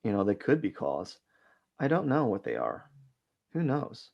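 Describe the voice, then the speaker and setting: Gravelly low-voiced man sketching live. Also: wildly swooping pitch, measured pace, muffled recording. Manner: rambling, hesitant, self-questioning; self-deprecating about his work. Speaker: artist hosting a drawing live stream. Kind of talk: casual thinking-aloud commentary while sketching.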